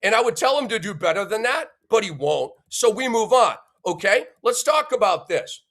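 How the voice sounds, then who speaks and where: A man's voice: high-pitched, sing-song, moderate pace, fairly bright tone. A man hosting a sports podcast, giving an emphatic, opinionated rant and punctuating his points with a questioning "okay?". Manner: blunt and insulting toward critics.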